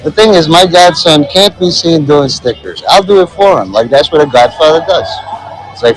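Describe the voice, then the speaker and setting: A man's voice: a little high, animated, normal speed, faint music behind, poor audio. Rambling joking man filming outdoors. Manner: rambling and joking, many fillers. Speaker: street vlogger. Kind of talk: casual walking commentary. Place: outdoor city plaza.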